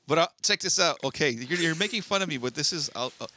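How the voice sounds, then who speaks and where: A man's voice: fairly high pitch, animated, quick pace, sharp tone. A young man co-hosting a podcast, telling a long rambling story in casual chat and swearing freely. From Southern California. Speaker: podcast co-host.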